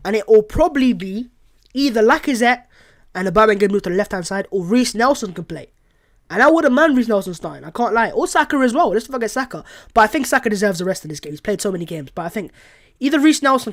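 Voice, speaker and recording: A high-voiced young man hosts a casual live watchalong stream, reading chat aloud and reacting with exasperation and emotion, often repeating himself.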